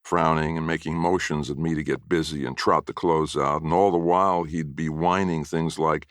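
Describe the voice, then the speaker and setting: A man narrates a short story in a wry, folksy manner. His voice sits extremely low. The recording is dry and close. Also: steady tone, moderate pace, dry recording. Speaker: story reader.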